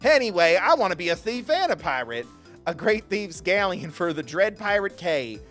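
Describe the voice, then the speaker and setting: A man's voice: sits high, normal speed, soft background music. A man voicing an eager, playful young female thief in a video game. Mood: excited. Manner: excitable and bouncy.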